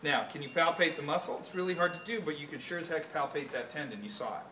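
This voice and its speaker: A man's voice: fairly high pitch, expressive, quick pace, sharp tone, faint music behind. A male instructor demonstrating anatomy hands-on to a class, explaining step by step and correcting himself mid-sentence. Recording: echoey classroom from far off, faint noise.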